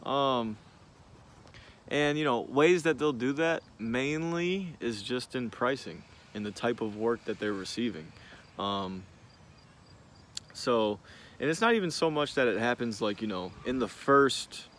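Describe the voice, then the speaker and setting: A man's voice: mid-range voice, expressive, measured pace, fairly bright tone, a little hiss or hum. A man in his twenties who owns a service business, talking casually and frankly to the camera, rambling with lots of fillers. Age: 20s. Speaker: business owner, vlogger.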